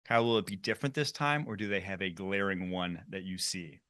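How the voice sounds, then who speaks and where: A man hosting a football talk show, animated and quick as he runs the segments. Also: sits low. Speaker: podcast host.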